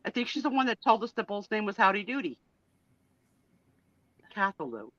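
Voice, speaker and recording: A woman hosting a casual live chat, animated and laughing, given to dramatic outbursts. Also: medium pitch, normal speed, no room sound, lo-fi sound. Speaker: host.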